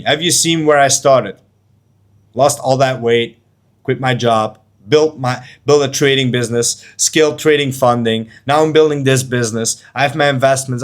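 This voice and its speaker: A man coaching to camera in an intense, preachy motivational monologue, blunt, with casual slang and swearing. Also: medium pitch. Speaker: life and trading coach.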